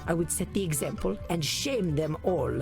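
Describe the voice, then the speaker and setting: A woman's voice: on the low side, moderate pace, gravelly, over music. An actress with an Italian accent voicing an imperious, scornful immortal vampire noblewoman in a video game. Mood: haughty. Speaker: therapy patient.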